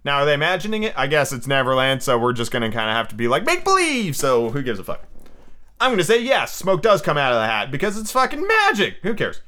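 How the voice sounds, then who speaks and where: A man's voice: medium pitch, wildly swooping pitch, fast, bright, forceful tone. A man hosting a podcast, reading a book aloud and breaking off for irreverent, profane asides. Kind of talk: casual podcast reading and commentary.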